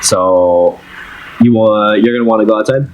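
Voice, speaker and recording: Man, game master, low voice, relaxed, laughs a lot, faint hiss. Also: normal speed, low-quality recording. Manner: relaxed, laughs often, uses fillers. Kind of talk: narrating a tabletop game.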